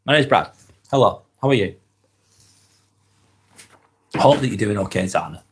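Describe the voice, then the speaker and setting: A man with a Lancashire accent, hosting a casual live stream while he has a head cold, talking in a relaxed, earnest way and reading viewers' comments aloud. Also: lowish voice, measured pace. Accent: Lancashire English. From Lancashire, England. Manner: relaxed, earnest, rambling with fillers and sighs.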